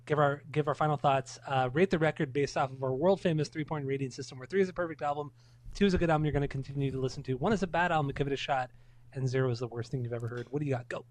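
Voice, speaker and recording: A man's voice: mid-range voice, rapid-fire. A man co-hosting a casual music podcast, upbeat, steering the segment and swearing casually. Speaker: podcast co-host.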